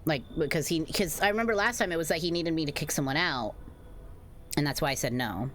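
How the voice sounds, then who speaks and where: A woman's voice: sits low, brisk, a little hiss or hum. A young woman streaming a game, chatting casually, swearing and sounding exasperated.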